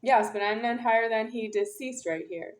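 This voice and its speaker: A woman's voice: fairly high pitch, normal speed. A woman in an unscripted monologue to camera, talking intensely and repetitively as she addresses an unseen listener directly.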